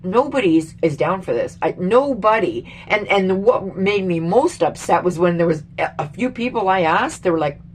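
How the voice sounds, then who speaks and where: A woman's voice: lively intonation, normal speed, few pauses, slight background noise. Angry Canadian woman ranting. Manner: heated, swearing, emphatic and exasperated; rambling with restarts and sudden jumps in pitch. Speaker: vlogger. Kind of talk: casual angry political rant.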